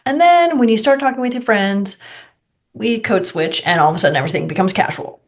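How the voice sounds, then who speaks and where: A woman's voice: medium pitch, animated, a little fast. A woman hosting a podcast, talking casually and expressively with her guest. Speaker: podcast host.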